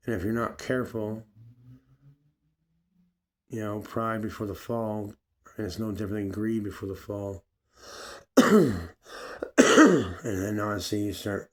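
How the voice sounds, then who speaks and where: Low-voiced man musing aloud. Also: darkish tone. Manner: rambling, searching for words, many fillers. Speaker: vlogger. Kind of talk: personal reflective monologue.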